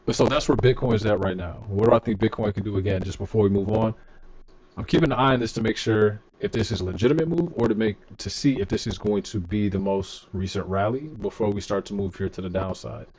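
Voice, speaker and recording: A man's voice: fairly low pitch, fast talker, a little mellow. A man doing casual live-stream market analysis from a home room on a desk mic, chatty and laid-back, talking to his chat. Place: home room with computer fans and laundry nearby. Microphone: desk microphone.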